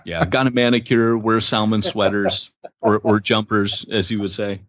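Male podcast host, low and jokey, dry dull close sound. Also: moderate pace, dry recording. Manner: jokey, animated, laughs easily. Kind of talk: casual podcast chat.

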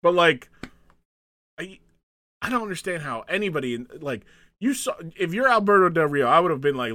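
A man's voice: a little high, big pitch swings, brisk, pauses often, fairly bright tone, dry recording. A man hosting a podcast, recapping a wrestling match in casual, rambling, joking chat. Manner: rambling, joking, trailing off with fillers. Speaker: podcast host.

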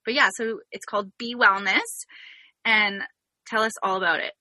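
A woman's voice: mid-range voice, fairly even intonation, moderate pace, pushed and bright, dry recording. A young Canadian woman hosting a podcast, telling a story in a bubbly, giggly way. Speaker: podcast host. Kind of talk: casual interview chat.

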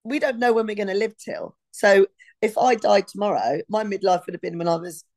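A woman in her fifties co-hosting a casual podcast, her mid-pitched voice carrying a lot of gravelly fry. She rambles and loses her thread halfway through her sentences. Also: fairly quick, darkish tone. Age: 50s. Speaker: podcast co-host. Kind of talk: casual chat.

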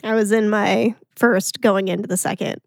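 A woman's voice: mid-range voice, fairly even intonation, normal speed, vocal fry, no room sound, clean studio sound. A woman in her thirties co-hosting a casual chat, laid-back and upbeat, swearing casually.

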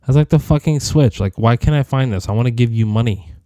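A young man in his twenties talks alone in a rambling audio diary, cursing freely and jumping between gripes. He is sick, and his mellow, dark voice carries a rough edge from it. The sound is dry and close, with no room around it. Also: medium pitch, fast, dry recording. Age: 20s. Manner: profane, rambling rants that drift between topics. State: sick with a cough.

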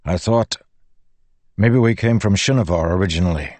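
A man's voice: low voice, moderate pace, darkish tone, no room sound, natural voice. A man voicing a troubled older warlord king, speaking earnestly and pressingly.

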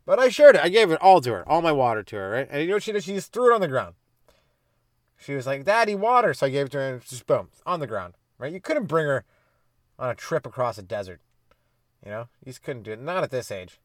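A man's voice: mid-range voice, sing-song, fast, no echo, studio quality. A young man hosting a comedy podcast, riffing loosely through a profane, self-mocking monologue. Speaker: stand-up comedian, podcast host.

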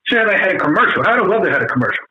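Brief: New man, bright forceful voice with a husky edge, slangy casual podcast banter, muffled lo-fi audio. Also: sits high, racing, dry recording. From New York. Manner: animated storytelling, heavy cursing, slangy. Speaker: podcast co-host. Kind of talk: casual chat.

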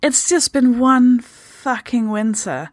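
A woman from Denmark with a Danish accent, hosting a podcast in a casual unscripted intro, tired and halting, stopping mid-sentence. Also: a little high, expressive, no echo, studio quality. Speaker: podcast host.

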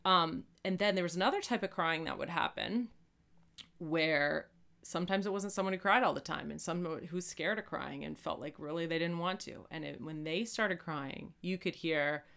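Woman guest author, reflective, lowish voice, podcast chat. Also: moderate pace, vocal fry, a bit bright. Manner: reflective, acts out quoted crying voices. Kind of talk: podcast conversation.

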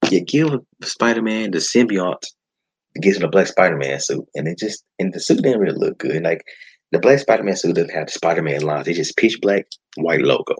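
A man's voice: low voice, lively intonation, fairly quick, slightly rough, low-quality recording. A man hosting a podcast, ranting in a casual, exasperated way with sighs and restarts. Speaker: podcast host. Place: home setup.

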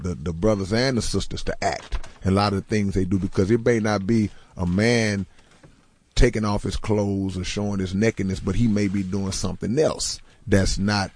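Gravelly low-voiced earnest man. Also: darkish tone. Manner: earnest, preachy, emphatic. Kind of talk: casual chat.

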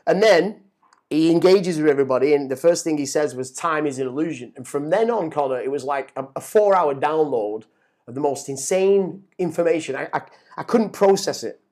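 A middle-aged man telling a story as a guest, animated and swearing, often repeating words as he gets excited. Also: fairly high pitch, brisk. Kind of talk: casual storytelling.

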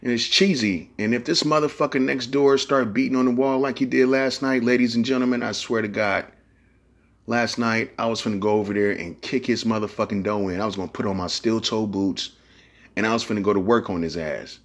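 A man's voice: mid-range voice, fairly even intonation, a little fast. Give me a man hosting a podcast in a loose, profane monologue. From San Francisco Bay Area. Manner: profane, rambling, streetwise slang. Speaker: podcast host.

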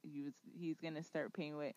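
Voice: medium pitch, flat delivery, normal speed, a little mellow, muffled recording. A podcast co-host in a casual chat who teases the host and laughs often.

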